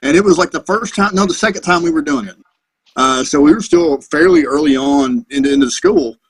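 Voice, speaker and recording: Husky man telling rambling war stories. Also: fairly high pitch, fairly quick, dry recording, low-quality recording. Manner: profane, rambling, animated anecdotes. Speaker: podcast guest, Marine veteran. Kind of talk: casual storytelling.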